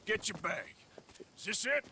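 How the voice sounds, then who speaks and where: A hard, weary western outlaw in a video game. His gravelly drawl is slow and lands with a bright, forceful edge. The pitch sits a little high and swings widely. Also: sing-song, slight background noise, exaggerated voice. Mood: contemptuous. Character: gruff weary male outlaw, blunt and hard.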